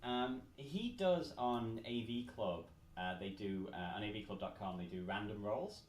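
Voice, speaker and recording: A man talks in a loose, animated podcast chat, often slipping into quick acted-out quotes. His voice sits a little low. The recording carries a roomy echo with a faint hum of noise behind. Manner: animated, swearing, acts out quotes. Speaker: podcast host. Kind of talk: casual chat.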